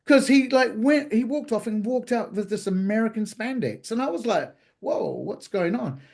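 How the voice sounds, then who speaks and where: A man's voice: extremely high pitch, normal speed. A man from New Zealand, a chef guest on a podcast, telling a story casually with profanity and acted-out dialogue. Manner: animated, profane, acts out quoted dialogue.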